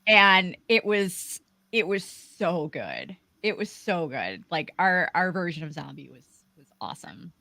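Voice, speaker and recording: Host: woman, bright, lively voice, dry sound, rambling casual chat. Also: lowish voice, a little slow, gravelly, no echo. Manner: chatty, rambling, with many fillers. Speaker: livestream host. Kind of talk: casual live aftershow chat.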